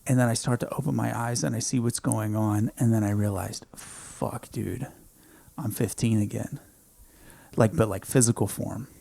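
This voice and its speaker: A man in his thirties, a podcast guest in a home studio, telling a story in an intense, emphatic way, often saying "dude" and swinging between hushed and loud. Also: lowish voice, fairly even intonation, brisk, vocal fry, hardly any pauses, no echo. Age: 30s. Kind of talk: casual storytelling.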